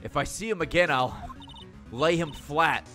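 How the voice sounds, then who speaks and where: A man's voice: fairly high pitch, unhurried, pushed and bright, faint music behind. A man doing a huffing, cranky old woman. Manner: wheezing, huffing between words.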